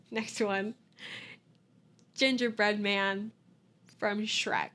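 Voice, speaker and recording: A woman's voice: medium pitch, a bit bright. A young woman hosting a casual solo podcast, giggly and self-deprecating, apologizing and laughing at herself as she talks. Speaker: podcast host. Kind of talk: casual confessional monologue.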